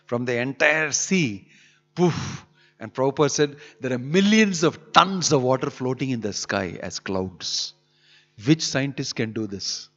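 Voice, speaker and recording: A man's voice: mid-range voice, highs cut off. Emphatic man preaching a sermon. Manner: emphatic, scolding rhetorical questions. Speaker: spiritual teacher. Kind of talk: sermon on scripture.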